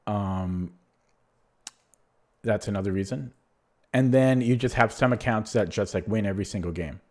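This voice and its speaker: A man's voice: lowish voice, moderate pace, darkish tone. A man streaming live chess, thinking aloud in a casual, rambling way and muttering moves half to himself. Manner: casual, self-deprecating, rambling asides. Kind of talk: live commentary while playing online chess.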